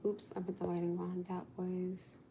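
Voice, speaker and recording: A woman's voice: fairly low pitch, completely flat delivery, moderate pace, vocal fry, noisy background. A woman casually chatting to viewers on a livestream, talking in an exasperated, chatty way to the people watching.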